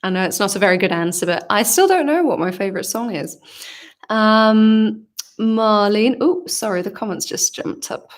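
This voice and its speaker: A woman's voice: medium pitch, lively intonation, moderate pace. A woman with a southern English accent, chatting casually on a livestream Q&A, reading fan comments aloud and answering in a reflective, hesitant way with many ums. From England. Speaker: singer answering fan questions.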